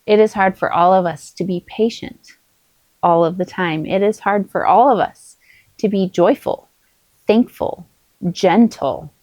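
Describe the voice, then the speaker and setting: A middle-aged woman, a mother, talking to camera in a calm, earnest and encouraging way as she shares parenting advice. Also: mid-range voice, unhurried, dry recording. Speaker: parenting vlogger, mother of many. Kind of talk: casual spoken advice to camera.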